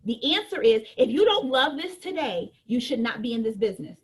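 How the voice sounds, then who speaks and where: High-voiced, emphatic woman trainer. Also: big pitch swings, fairly quick, breathy edge. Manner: emphatic, repetitive, joking, preachy. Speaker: business trainer. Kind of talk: motivational training talk.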